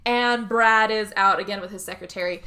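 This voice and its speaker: Podcast co-host, woman, bright tone, animated movie recap with voiced-out quotes. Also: medium pitch, brisk. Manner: animated retelling, acting out characters' lines. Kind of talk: casual chat.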